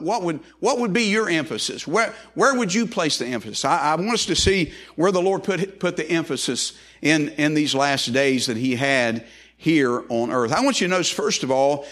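Folksy preacher man with a higher voice. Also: fairly bright tone. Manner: folksy, repetitive with frequent restarts. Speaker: pastor. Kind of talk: sermon.

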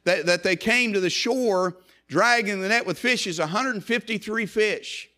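A man preaches with passion, a little slowly, his voice climbing to loud emphasis before dropping to hushed lows. Repetition of phrases adds to the effect.

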